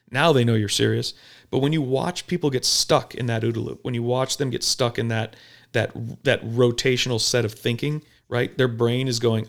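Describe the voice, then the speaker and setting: A police officer talking bluntly and profanely in a casual podcast chat, telling animated stories. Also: male voice, medium pitch, moderate pace. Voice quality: gravelly.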